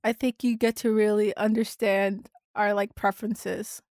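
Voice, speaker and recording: A young adult woman co-hosting a casual podcast, relaxed, with many filler words. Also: mid-range voice, moderate pace, dry recording, studio quality. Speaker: podcast co-host. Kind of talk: casual chat.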